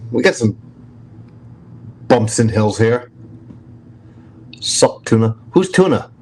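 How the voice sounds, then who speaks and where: A man's voice: medium pitch, animated, takes it slowly, a little mellow, slight background noise, low-quality recording. A man with a strong New York accent, hosting a casual livestream chat, brash and profane as he jokes with his viewers. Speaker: livestream host.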